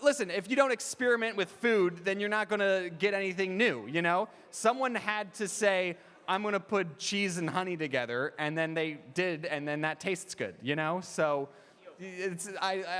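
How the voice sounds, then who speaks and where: A man's voice: sits high, normal speed, a bit bright, clear, resonant tone. A young man with a somewhat raised voice fields fan questions on a stage mic, wandering off on tangents, chuckling and tripping over his own restarts. The sound carries the long ring of a big convention hall. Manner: rambling, laughing, restarts often. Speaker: animator answering fan questions. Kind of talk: live fan Q&A panel. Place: large convention hall, in front of an audience.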